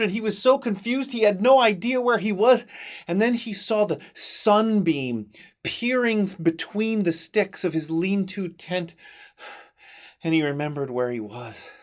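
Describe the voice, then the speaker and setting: A man's voice: high voice, measured pace. Dramatic man telling a Bible story. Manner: dramatic, expressive storytelling with big swings. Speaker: children's ministry teacher. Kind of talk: Bible story narration for children.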